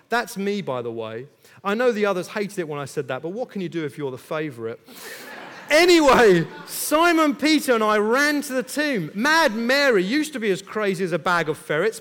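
Man, high-pitched, chatty and jokey first-person Bible storytelling, long hall reverb. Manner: chatty, jokey and lively, with lots of asides. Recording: long echo of a large hall.

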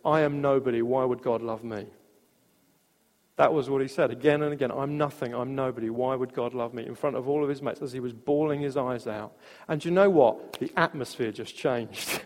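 Man preaching, slightly high voice, conversational with restarts, long hall reverb. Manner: conversational, with hesitant restarts and soft laughs. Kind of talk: sermon with storytelling.

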